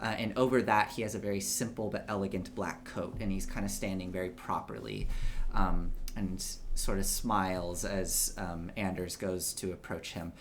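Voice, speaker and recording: A man's voice: low-pitched, steady tone, moderate pace, a little hiss or hum. A man running a tabletop game as game master, narrating in a loose, chatty way full of fillers.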